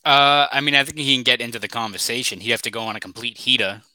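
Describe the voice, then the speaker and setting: A man's voice: medium pitch, quick pace, pushed and bright, clear, resonant tone, no echo, poor audio. A man from the Boston area co-hosting a casual sports podcast, agreeable and conversational. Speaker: podcast co-host.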